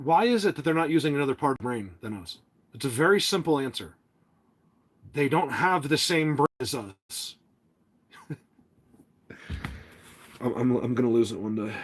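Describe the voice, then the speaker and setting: A man with a New Jersey accent hosts a live stream from his phone at a desk, emphatic and quick to yell. His husky voice swings widely in pitch as he stumbles over restarts. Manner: emphatic, yells, stammering restarts. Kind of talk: excited live-stream talk.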